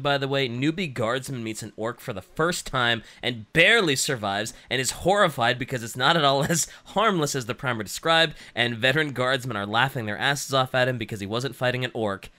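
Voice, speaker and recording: A man hosting a podcast, chatting casually and reacting with quick exclamations. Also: medium pitch, pushed and bright. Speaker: podcast host.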